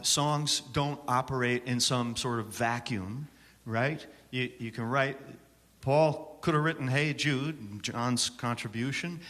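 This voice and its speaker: A Syracuse, New York man presents a songwriting workshop to a live conference-hall audience, joking and bantering with them. His mid-range voice is fairly bright, and the hall adds long reverb.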